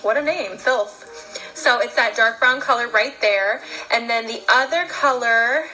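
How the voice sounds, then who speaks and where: A woman's voice: on the high side, unhurried, bright, forceful tone, soft background music, poor audio. A young woman chatting casually through a makeup unboxing, bubbly and gushing about each product. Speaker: beauty vlogger.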